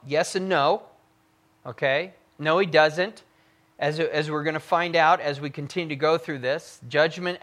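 A man teaching the Bible verse by verse, reading passages aloud with fervor and swinging between loud emphasis and quiet asides. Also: a little high. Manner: reads scripture aloud with fervor.

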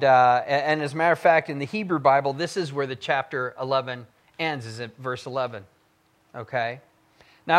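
A man teaching the Bible verse by verse, reading passages aloud with fervor and swinging between loud emphasis and quiet asides. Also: on the high side. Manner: reads scripture aloud with fervor.

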